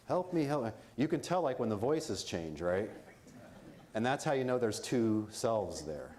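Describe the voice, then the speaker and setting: A man's voice: on the low side, a little mellow. A man giving an informal academic talk at a conference, explaining ideas in plain, conversational terms with asides and jokes. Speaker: conference speaker. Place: conference venue.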